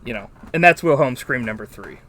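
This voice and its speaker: A man hosting a podcast, chatting casually and recounting a movie in a rambling, profane, animated way. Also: medium pitch, a little fast. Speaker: podcast host. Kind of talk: casual movie-review chat.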